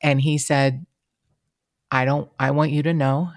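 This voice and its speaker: A woman with a deep voice speaks a little slowly as co-host of a casual true-crime podcast. Chatty and emotional, she acts out others' words in lively voices. The sound from the podcast room is clean studio audio with no room sound.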